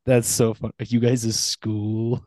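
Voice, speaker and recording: A man co-hosting a podcast, chiming in with quick dry quips. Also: mid-range voice, flat delivery, warm tone, no echo. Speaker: podcast co-host. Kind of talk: casual chat.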